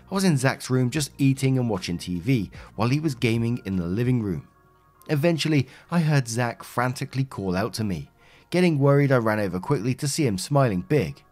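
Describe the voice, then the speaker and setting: A man reading an online post aloud and then chatting about it in a casual, conversational way. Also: medium pitch. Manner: chatty, conversational, with fillers and asides. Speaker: host reading and commenting on online posts.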